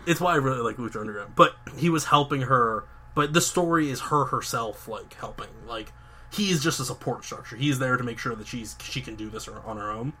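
A young man hosting a podcast, telling a long story with excitement, lots of fillers and restarts. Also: mid-range voice, fairly quick, a little hiss or hum. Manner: enthusiastic, rambling storytelling with many fillers and restarts. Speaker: podcast host. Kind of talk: casual chat.

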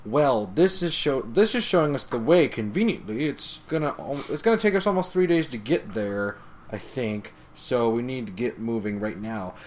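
A man voicing an earnest female pony leader in a slow, deliberate way. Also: mid-range voice, animated, a little mellow, a little hiss or hum, natural voice.

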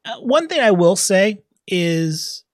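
A man's voice: high voice, slow, no echo, clean studio sound. A man co-hosting a casual movie podcast, acting out his reactions as he talks. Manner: animated, acts out his own reactions. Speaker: podcast co-host. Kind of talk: casual chat.

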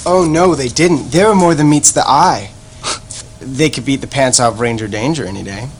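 A man's voice: mid-range voice, moderate pace, a little hiss or hum, close to an everyday voice. A man playing a naive, earnest churchgoing young man who rambles defensively in a comedic fan sketch.

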